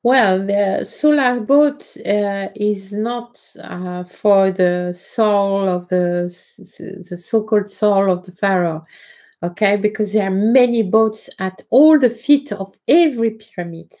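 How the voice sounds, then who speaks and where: A woman with a French accent hosting a live stream, talking in a halting way with many fillers and greeting viewers by name. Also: mid-range voice, dark tone. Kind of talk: casual live-stream talk.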